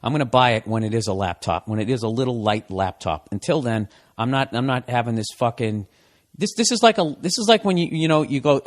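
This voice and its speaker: A man's voice: mid-range voice, animated, fairly quick. A man hosting a podcast, giving blunt advice in a casual rant full of swearing. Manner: blunt, swears constantly, riffs.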